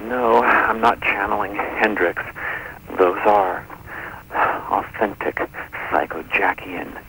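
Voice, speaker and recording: A man's voice: fairly low pitch, slow, pushed and bright, a little hiss or hum, poor audio. A man giving wry, musing commentary between answering-machine messages. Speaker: tape compiler commenting. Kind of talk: casual commentary.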